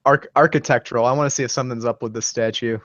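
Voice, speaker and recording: A man's voice: medium pitch, rapid-fire. A playful man narrating his character's antics in a tabletop game. His voice comes through dull and muffled, with a dry, close sound and no room echo. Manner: playful, animated, laughs. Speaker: player. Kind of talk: casual tabletop play.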